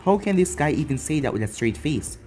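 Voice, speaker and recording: A man's voice: fairly high pitch, very animated, a little fast, dark tone, faint music behind. A man voicing a polite, deferential male waiter.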